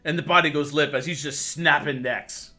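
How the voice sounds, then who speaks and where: A man's voice: fairly high pitch, steady tone, sharp tone. Laughing man running a tabletop game. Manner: quick, laughing, stumbling narration. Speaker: game master. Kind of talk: narrating a tabletop game on a livestream.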